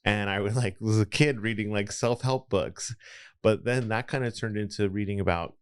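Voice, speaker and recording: As a guest on a podcast, this Los Angeles-area man reflects on his story in a loose, rambling interview style. His fairly low voice is clear and resonant, and he keeps a moderate pace.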